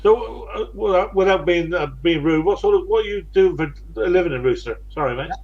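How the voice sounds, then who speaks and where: A man's voice: high-pitched, a little fast, darkish tone, lo-fi sound. A man in his late sixties with a West Country English accent, hosting a casual chat in a blunt, chatty way and chuckling often. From England. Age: 60s. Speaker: host.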